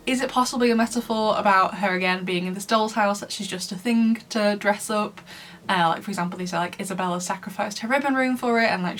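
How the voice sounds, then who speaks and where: A woman's voice: medium pitch, fairly bright tone, a little hiss or hum. A woman from Lancashire giving a casual review commentary in a chatty way, laughing often between points. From Lancashire, England. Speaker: book reviewer.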